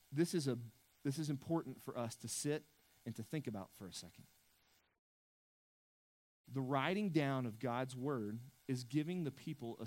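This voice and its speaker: Man, middle-pitched voice, chatty sermon delivery with lots of false starts. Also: a little mellow, low-quality recording. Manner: conversational preaching with frequent restarts and stammered repeats. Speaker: pastor.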